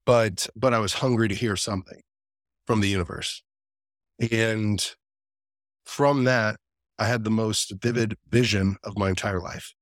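A podcast guest shares a personal story, casual and earnest, animatedly acting out the voices of the people he quotes. His voice sits on the low side, unhurried with frequent pauses, recorded clean in a studio with no echo.

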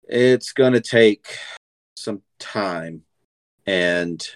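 Slow-talking man running a tabletop game. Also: on the low side. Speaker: game master.

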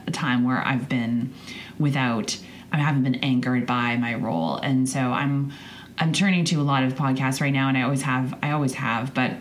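Very low-voiced woman podcasting. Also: slight background noise. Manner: rambling and candid, with restarts and swearing. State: choked up. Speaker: podcast host. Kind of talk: personal monologue.

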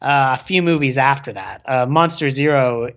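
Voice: mid-range voice, moderate pace, fairly bright tone, highs cut off. A podcast co-host chatting casually and enthusiastically about old monster films, with frequent fillers. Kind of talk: casual film discussion.

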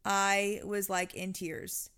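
Woman dog trainer, casual podcast chat, animated storyteller with a mid-range voice. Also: slow pace, clear, resonant tone. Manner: animated storytelling, jumps high when quoting.

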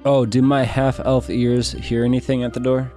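A man's voice: medium pitch, flat delivery, moderate pace, dark tone, faint music behind. A man playing a tabletop game, joking and playful as he talks. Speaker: player. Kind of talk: casual chat at a tabletop game.

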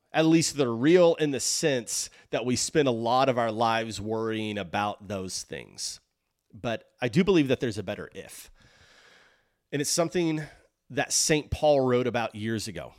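A man's voice: medium pitch, animated, no room sound. An earnest man delivers a faith-based motivational talk in a mid-range voice. His delivery is emphatic, and he stacks rhetorical questions one on top of another. The sound is close and dry, with almost no room around it. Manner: reads scripture aloud in a measured cadence. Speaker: host of a leadership podcast.

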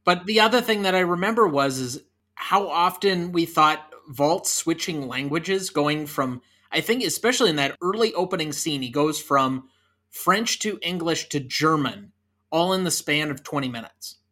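A man's voice: a little high, lively intonation, normal speed, bright, forceful tone. A man in his thirties co-hosting a casual movie podcast, chatty and leading the talk with trivia. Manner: chatty, leads the discussion with trivia. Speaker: podcast co-host.

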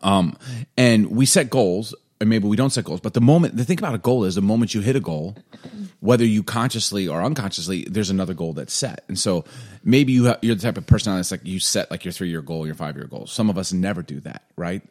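Casting: fortyish man from Chicago, podcast co-host, lowish voice, easygoing and reflective. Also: quick pace, a little mellow. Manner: reflective, talks in rolling repeated phrases. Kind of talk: casual podcast chat.

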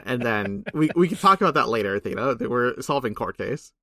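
Bright-voiced young man recapping a game. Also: mid-range voice, expressive, dry recording, studio quality. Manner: rambling, swears casually, quick asides. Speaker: podcast co-host. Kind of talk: casual game recap chat.

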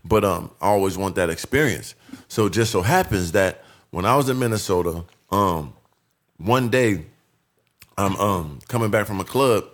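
A man telling a story as a podcast guest in animated street slang, full of profanity, acting out what people said. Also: low voice, normal speed. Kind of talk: casual storytelling.

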